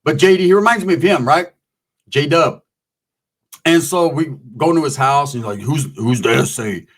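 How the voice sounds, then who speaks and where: A man's voice: on the high side, normal speed. A man casually telling a long, profane story, acting out the voices of the people in it. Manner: profane, rambling, acts out voices.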